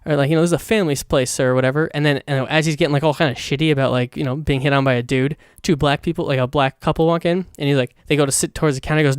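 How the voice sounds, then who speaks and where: Rambling fast-talking man, dry close mic. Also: a little high, smooth, dry recording. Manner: rambling, filler-heavy, profane. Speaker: podcast host. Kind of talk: casual solo movie review.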